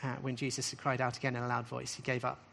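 A man's voice: mid-range voice, monotone, fast, creaky, fairly bright tone, a little hiss or hum. A man teaching a sermon-style talk to a live group, emphatic and repetitive, often ending points with a rising question. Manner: emphatic, repeats key phrases with rising questions. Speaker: preacher teaching on scripture.

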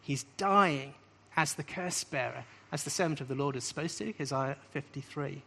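A man with a slightly high voice preaches to a live group. His delivery is emphatic, and he stresses key phrases by saying them again. He often finishes a point with a questioning "right?". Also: moderate pace, vocal fry, sharp tone, breathy edge. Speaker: preacher teaching on scripture. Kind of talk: sermon-style teaching.

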